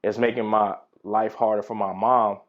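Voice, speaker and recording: A man's voice: lowish voice, flat delivery, normal speed, dull audio. A man teaching from the Bible in a casual, slangy way, telling personal stories. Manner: conversational, slangy storytelling.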